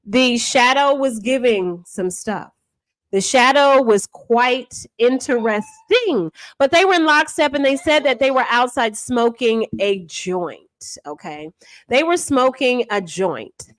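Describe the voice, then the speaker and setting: High-pitched mom dishing gossip, animated and slangy, repeats herself a lot, dry close sound. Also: female voice, takes it slowly, no room sound. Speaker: livestream drama commentator. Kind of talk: casual chat recap.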